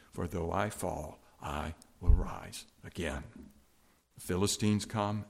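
A male preacher working through scripture in a sermon. His delivery rises to loud, emphatic high points and drops to hushed, low asides. His voice sits at an ordinary middle pitch. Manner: expository preaching with wide swings between loud emphatic peaks and quiet asides.

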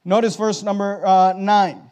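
Male preacher, high-pitched, emphatic sermon delivery, slows on key words, big swings in loudness. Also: fairly even intonation, clear, resonant tone. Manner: emphatic, swings between loud stresses and hushed low lines.

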